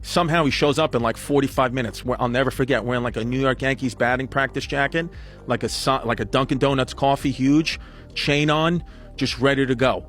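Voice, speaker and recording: A male comedian spinning a long story on a podcast. His voice sits in a middle range, lively as he acts out each person in the tale. Faint music plays in the background. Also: mid-range voice, brisk. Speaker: comedian guest.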